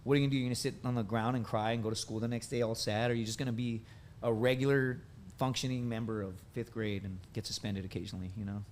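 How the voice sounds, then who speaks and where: Man, thirties, casual storyteller, mid-pitched voice, animated. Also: fast, slight background noise. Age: 30s. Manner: animated, says "dude" and "right?" often. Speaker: podcast guest.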